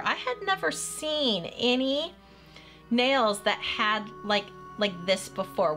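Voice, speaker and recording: A woman's voice: mid-range voice, bright, forceful tone. A woman gushing enthusiastically as she reviews press-on nails in a casual vlog. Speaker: nail product reviewer.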